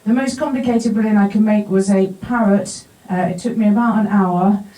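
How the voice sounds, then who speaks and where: A woman tells a funny story about her acting career to a live crowd, mocking herself and laughing along the way. Her voice is mellow and low-key. She sounds set back from the mic, with the room's echo around her. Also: steady tone, moderate pace. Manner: self-deprecating, laughs often at her own story. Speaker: actor telling her story to a live audience. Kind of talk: humorous personal storytelling talk. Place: bar event space before an audience. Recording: roomy sound from a distant mic.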